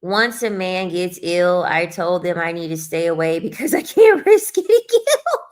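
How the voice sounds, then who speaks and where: A young woman with a slightly low voice tells a casual storytime rant. She is animated and exasperated, swears freely, and mocks other people in quoted voices. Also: normal speed. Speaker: vlogger.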